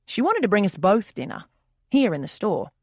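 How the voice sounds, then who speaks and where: A woman reading the part of an easygoing young male bookstore owner in an audiobook, gentle and easily flustered. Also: sits high, wildly swooping pitch, moderate pace, dry recording, clean studio sound, pitched above the performer's own voice, heavily acted. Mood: earnest. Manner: gentle, flustered when teased. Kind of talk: audiobook dialogue.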